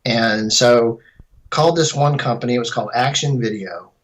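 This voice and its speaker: A man's voice: medium pitch, moderate pace, rough recording. A middle-aged man, a filmmaker and composer, answering interview questions in a casual, rambling way and often correcting himself mid-sentence. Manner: rambling, self-correcting storyteller.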